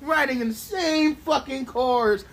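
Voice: high voice, unhurried. A co-host in a casual podcast chat who teases the others bluntly and swears freely. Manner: blunt, teasing, cursing.

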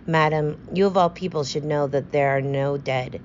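A fussy, precise male detective with a clipped, self-assured manner, as a woman voices him in a storybook reading. The voice sits low. The recording is slightly dull, with a faint hiss behind it. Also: moderate pace, lightly acted. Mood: calm.

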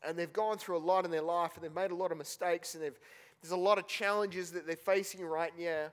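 A man's voice: high-pitched, steady tone, brisk, clean tone. A man preaching a sermon as pastor, telling a personal story with emotion, tearful and laughing at moments.

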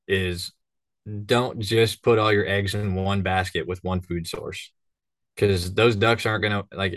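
Laid-back man, low dry voice. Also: a bit bright, no room sound. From northern Minnesota. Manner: rambling storyteller, acts out voices. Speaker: hunting guide. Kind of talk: casual podcast chat.

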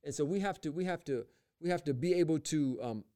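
A man's voice: a little high, fairly quick, dark tone. A man in the pastor role on a faith talk show, speaking with an emphatic, repetitive preacher cadence and reading scripture aloud. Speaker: pastor and podcast co-host.

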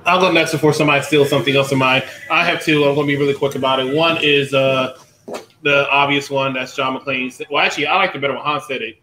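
Male podcast co-host, quick and joking, bright, recorded in a roomy space. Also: medium pitch, steady tone, a little hiss or hum. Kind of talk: casual movie chat.

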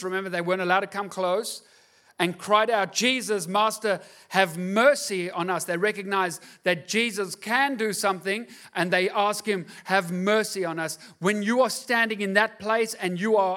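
Male pastor, high bright voice, casual joking sermon delivery. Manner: conversational and joking, asks the crowd "right?".

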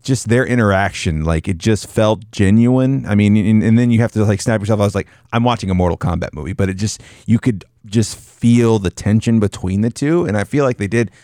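A man's voice: lowish voice, fairly quick, hardly any pauses, warm tone, no room sound, studio quality. A man chatting casually about a movie as a podcast co-host, rambling loosely and swearing freely.

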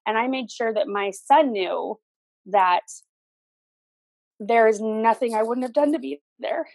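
A woman's voice: fairly high pitch, unhurried, gravelly, darkish tone, no room sound. A middle-aged woman telling her personal story as a podcast guest, earnest and emphatic, repeating phrases for stress.

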